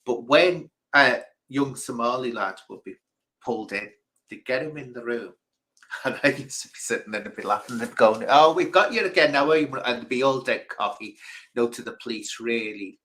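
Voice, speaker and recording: Animated man telling stories. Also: mid-range voice, moderate pace, poor audio. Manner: animated storyteller, mimics people in quotes. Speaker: host. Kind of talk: casual livestream chat.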